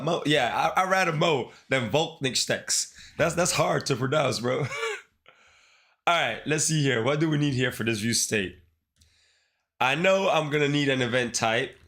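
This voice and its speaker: During a live coding stream, a man with a Caribbean accent talks with his viewers in a casual, slangy, laid-back manner, speaking right to them. His voice is mid-range with a fairly bright tone.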